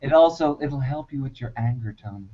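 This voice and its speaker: A man co-hosting a podcast in casual chat, calm and measured with light teasing. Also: mid-range voice, slight background noise. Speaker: podcast co-host. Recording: slightly muffled lo-fi.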